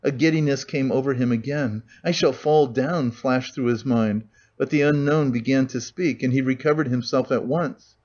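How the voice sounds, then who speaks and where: A man narrating an audiobook in a steady, measured reading on a dull lo-fi recording. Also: mid-range voice. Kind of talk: scripted narration of a classic novel.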